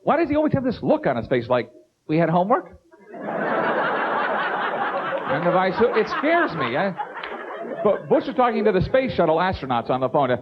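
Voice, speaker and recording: Male stand-up comic, raised voice, lively swings in pitch, dull hissy tape sound. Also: a little fast, over a noisy crowd. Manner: animated, stammering restarts, slips into impressions. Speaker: stand-up comedian. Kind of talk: stand-up comedy.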